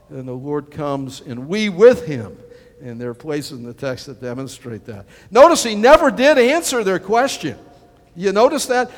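A male preacher delivering a sermon in a folksy, animated way, acting out the people he quotes. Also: high-pitched. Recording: long reverb of a large hall.

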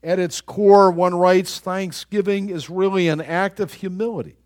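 A man's voice: high voice, normal speed. A middle-aged man preaching a sermon as a pastor, telling stories and acting out voices in his anecdotes. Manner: animated, storytelling, acts out voices in anecdotes.

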